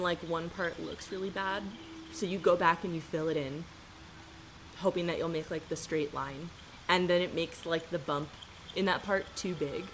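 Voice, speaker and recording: A woman's voice: fairly low pitch, background noise. A woman streaming a video game live, chatting casually and rambling through stories with easy laughs.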